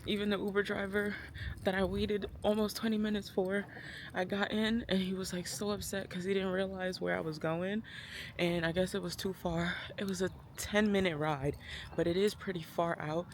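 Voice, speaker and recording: A woman's voice: mid-range voice, steady tone, moderate pace, slight background noise. A woman from New Jersey vlogging a solo day out in a garden, gushing and laughing as she talks to her phone camera. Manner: gushing, emotional, laughs often. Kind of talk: casual vlog talk to camera. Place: outdoors in a botanical garden. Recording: loud music under the voice. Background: loud background music.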